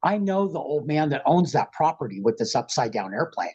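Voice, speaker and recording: Husky man telling a wild story. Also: on the high side, a little fast, dull audio. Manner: animated, rambling, slangy, acts out quotes. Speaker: podcast guest. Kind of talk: casual storytelling.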